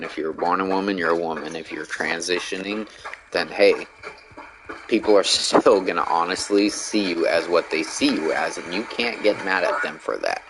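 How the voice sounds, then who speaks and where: A man's voice: low voice, noisy background. A man streaming a game, ranting bluntly in casual talk and swearing a lot. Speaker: gaming streamer. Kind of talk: casual rant while gaming.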